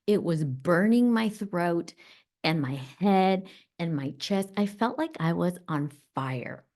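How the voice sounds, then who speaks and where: A middle-aged woman hosting a podcast, telling a personal story in an animated, reflective way. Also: fairly low pitch, takes it slowly. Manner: animated, reflective, acts out voices. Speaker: podcast host.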